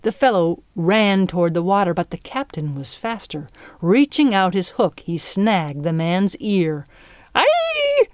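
A woman narrating an adventure storybook in a measured, expressive reading voice. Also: lowish voice, no echo. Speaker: audiobook narrator.

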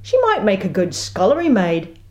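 A woman's voice: mid-range voice, huge pitch swings, normal speed. A woman voicing a cringing, nervous male pirate first mate who stammers and pleads. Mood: pleading.

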